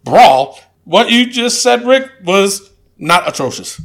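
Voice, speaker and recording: A man's voice: high-pitched, big pitch swings, slow, creaky, fairly bright tone. A man co-hosting a casual chat show, talking hesitantly with lots of fillers and dry verdicts. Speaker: podcast co-host.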